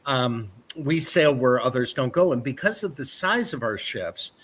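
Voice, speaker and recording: A man's voice: mid-range voice, lively intonation, measured pace, fairly bright tone, husky. A man from the American Midwest presenting a cruise line in an upbeat sales style, with fillers. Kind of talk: presentation to an online audience.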